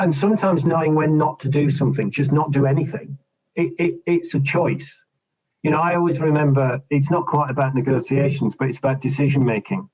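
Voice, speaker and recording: Man, union official, podcast guest, slightly high voice, repeats and restarts words, dull lo-fi sound. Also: a little mellow. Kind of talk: podcast interview, explaining negotiation tips. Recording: dull lo-fi recording.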